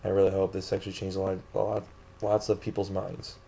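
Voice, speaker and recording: A man's voice: low-pitched, monotone, fast talker, vocal fry, mellow, a little hiss or hum. A young man from the St. Louis area, ranting indignantly in a vlog, rambling with many restarts. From St. Louis area, USA. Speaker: vlogger.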